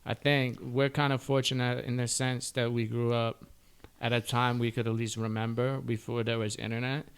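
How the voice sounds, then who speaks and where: A man hosting a podcast, talking in a relaxed, conversational way with some casual swearing. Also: mid-range voice, moderate pace, clean tone. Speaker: podcast host.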